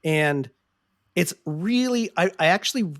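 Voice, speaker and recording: Earnest, passionate podcast host. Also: male voice, high-pitched, lively intonation, a bit bright, no room sound, clean studio sound. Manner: earnest, passionate, frequent swearing; halting restarts when searching for words. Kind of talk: casual podcast discussion.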